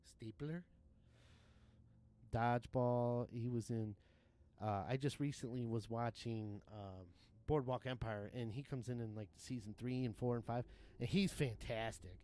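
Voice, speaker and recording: A man's voice: medium pitch, steady tone, normal speed, a little mellow. A man in his thirties or forties, rambling casually and profanely while streaming a game, with frequent laughs. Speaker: livestream gamer. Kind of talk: casual gaming commentary.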